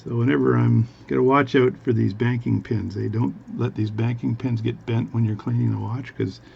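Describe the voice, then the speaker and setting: A man's voice: medium pitch, fairly even intonation, moderate pace, gravelly, muffled recording, a little hiss or hum. A man casually chatting while cleaning a watch at his bench, rambling with jokey asides. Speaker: hobby watchmaker. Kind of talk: casual workbench tutorial chat. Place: home workbench.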